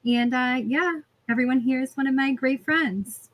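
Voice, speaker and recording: A woman's voice: sits high, normal speed. A woman with a Massachusetts accent chatting on a livestream panel, playful and self-deprecating. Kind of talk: casual livestream panel chat.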